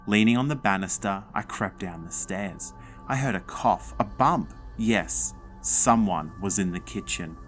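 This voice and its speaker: A man's voice: on the low side, lively intonation, measured pace, fairly bright tone, faint music behind. A man narrating a spooky children's story with dramatic suspense.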